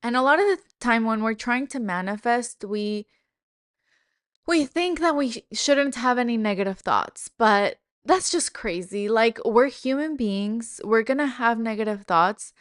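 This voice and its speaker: A woman's voice: a little high, lively intonation, unhurried, no echo, studio quality. Candid, swearing self-help podcast woman. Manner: candid, emotional, swears casually. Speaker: podcast host. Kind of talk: personal self-help monologue.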